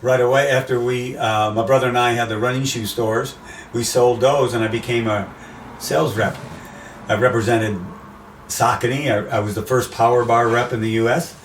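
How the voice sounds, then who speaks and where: An older American man, a race announcer, telling animated stories in a casual interview. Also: mid-range voice, moderate pace, recorded from a distance. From USA. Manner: animated anecdotes, acts out quoted voices. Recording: roomy, off-mic, faint background noise.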